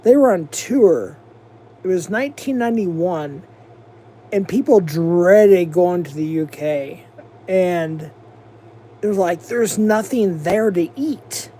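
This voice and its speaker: A man's voice: sits high, expressive, takes it slowly, mellow. An American man hosting a livestream, rambling and mocking in a profane, casual rant. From United States. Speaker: livestream host.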